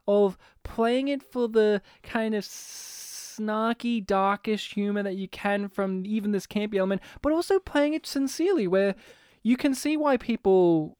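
A man in casual chat, talking fast and animatedly, laughing often and swearing casually. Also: sits high, darkish tone, clean tone, no echo, clean studio sound. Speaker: podcast co-host discussing a film.

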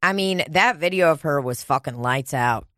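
A woman's voice: low-pitched, expressive, normal speed, a bit bright, dry recording, studio quality. A woman co-hosting a casual podcast chat, rambling and crude, often trailing off and restarting. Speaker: podcast co-host.

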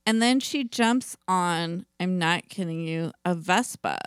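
A woman's voice: on the low side, takes it slowly, clean tone, no echo, clean studio sound. A woman co-hosting a podcast, telling a story in casual chat, full of "like" and laughing as she goes. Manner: chatty storyteller, lots of "like" and laughter. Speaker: podcast co-host.

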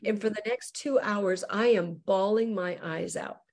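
A middle-aged woman evangelist, a guest on a show, telling a personal testimony in an animated way and acting out the voices she quotes. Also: mid-range voice, unhurried.

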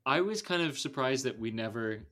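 Man, podcast co-host, casual film chat, rambling, lots of ums and restarts, mid-pitched voice. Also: animated, moderate pace, fairly bright tone. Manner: meandering, lots of fillers and restarts.

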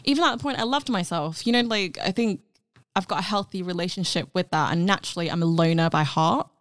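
A young woman, a guest on a casual talk show, telling stories with lively acted-out dialogue. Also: fairly low pitch, fast talker, no echo, studio quality. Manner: animated storyteller, acts out quoted dialogue. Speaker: guest, actor. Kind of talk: casual podcast conversation.

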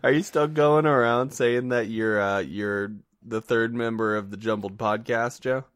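A man's voice: medium pitch, a little slow, clean tone, dry recording, studio quality. A man hosting a casual comedy podcast, joking and laughing often with his co-host.

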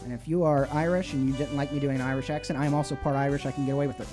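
A man's voice: medium pitch, steady tone, very fast, darkish tone, faint music behind. A man hosting a call-in sports radio show, reading scores and chatting casually with fillers and restarts. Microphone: studio microphone.

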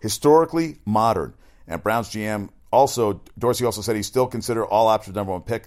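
A man's voice: lowish voice, fairly even intonation, fast talker, a little mellow. A middle-aged man hosting a sports talk show, talking casually and bluntly, with frequent asides and swearing. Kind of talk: casual sports radio monologue.

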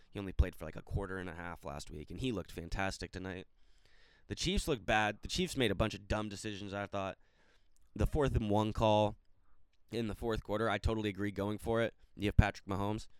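A man's voice: clear, resonant tone, dry recording. Ranting young male sports podcaster. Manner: ranting, swearing, rising to near-shouts when angry; calmer, lower-key recap talk. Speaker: podcast host. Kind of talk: solo sports podcast commentary.

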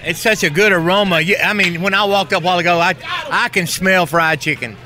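A man telling a story in casual chat, measured and reflective. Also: high-pitched, noisy background. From US South.

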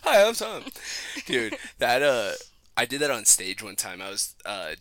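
Young male podcast host, very bright voice, loose profane banter, laughs a lot. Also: fairly low pitch, normal speed, no room sound. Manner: profane, rambling, laughs often. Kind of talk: casual chat.

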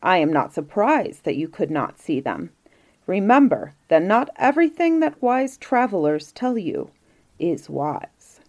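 A drowsy old Grandfather Christmas, unhurried and calmly firm as he talks from his bed, voiced by a woman storyteller. His tone is dark and mellow, sitting a little low for a woman. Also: highs cut off, heavily acted. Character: old sleepy Grandfather Christmas, calm and wise.

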